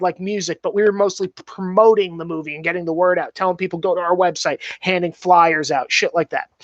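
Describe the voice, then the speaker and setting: Animated, profane man telling stories. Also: sits high, no room sound. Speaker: filmmaker guest. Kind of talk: casual storytelling. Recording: dull, dry, slightly muffled.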